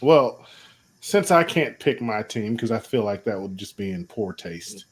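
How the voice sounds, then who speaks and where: Excitable co-host man. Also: on the low side, measured pace, husky. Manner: excitable, laughing, speeds up when making a point. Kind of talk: casual live-stream chat.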